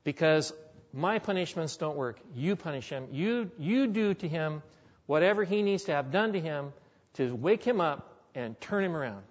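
A man's voice: on the high side, expressive, normal speed. A man voicing a weary middle-aged mother who pleads earnestly in prayer, heard in a dull, echoey hall recording. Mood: earnest pleading.

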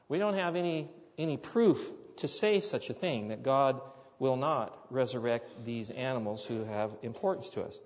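Animated preacher man in a hall. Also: on the high side, highs cut off. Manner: animated storyteller, loud acted quotes, drops soft for asides. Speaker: pastor. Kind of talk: sermon storytelling.

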